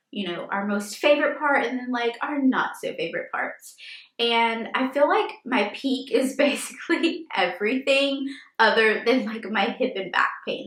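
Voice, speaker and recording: In an echoey room, a first-time mom in her thirties answers viewer questions for a casual Q&A vlog. She's chatty and peppers her speech with "like," her voice pitched high with a fairly bright tone.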